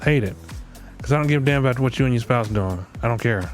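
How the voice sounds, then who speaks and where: A man's voice: mid-range voice, racing, faint music behind. A man hosting a solo comedic rant, blunt and profane, slipping into voices of the people he quotes. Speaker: podcast host.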